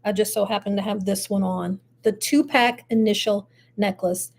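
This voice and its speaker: A woman's voice: medium pitch, steady tone, moderate pace, vocal fry, a little mellow. An older woman with grandchildren, hosting a casual live stream, chatting and laughing as she greets her viewers. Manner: chatty, laughs often, addresses viewers directly. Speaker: host.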